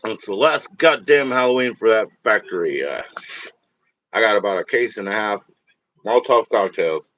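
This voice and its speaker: Male livestreamer with a lowish voice, loose and profane, chatting and laughing with viewers. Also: expressive, normal speed, fairly bright tone, dry recording. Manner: rambling, profane, laughs often, talks to viewers. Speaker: livestream host. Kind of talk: casual livestream chat.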